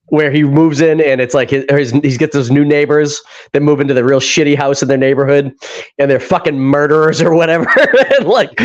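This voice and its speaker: A man, hosting a casual podcast chat and excitedly retelling comedy scenes, swearing and laughing as he goes. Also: a little high, brisk. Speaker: podcast host. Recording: dull lo-fi sound.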